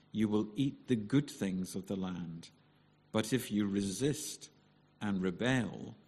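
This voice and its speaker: A man with a soothing Scottish accent reading a Bible passage aloud in church, measured and steady. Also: lowish voice, big-room sound. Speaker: scripture reader.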